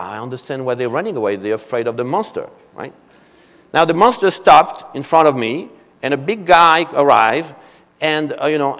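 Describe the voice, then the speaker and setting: A French-accented man in his seventies delivers a keynote in a big convention hall, and his fairly high voice rings with a long reverb. He tells personal stories in a loose, anecdotal way and keeps adding "you know" as he goes. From France. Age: 70s. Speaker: keynote speaker. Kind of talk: conference keynote storytelling.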